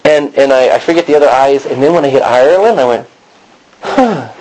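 Husky man preaching. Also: mid-range voice, expressive, a little fast, a little mellow, low-quality recording. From Texas. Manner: rambling storytelling, frequent restarts and self-quotes. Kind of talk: sermon.

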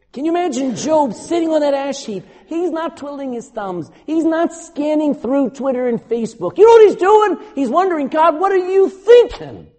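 A man preaching a sermon as a pastor, animated and acting out quotes dramatically. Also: extremely high pitch.

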